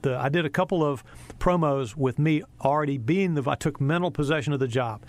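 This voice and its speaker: A middle-aged American man, a sports broadcaster, spins a lively story in an interview. His voice sits a touch high, and he slips into the voices of the people he quotes. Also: brisk, dry recording. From USA. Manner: animated storyteller, acts out quotes.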